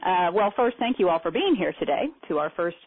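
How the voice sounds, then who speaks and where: A woman's voice: lowish voice, animated, a little fast, breathy edge. A woman hosting a live meeting on a call, talking in a chatty, rambling way with many fillers and restarts. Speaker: meeting host. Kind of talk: casual spoken presentation. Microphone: phone or conference line. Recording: tinny phone line.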